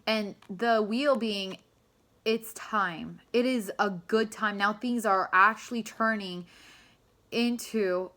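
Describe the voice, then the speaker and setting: A woman's voice: medium pitch, takes it slowly, bright, forceful tone. A young woman giving a casual, rambling tarot reading to her viewers, emotional and swearing freely. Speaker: tarot reader.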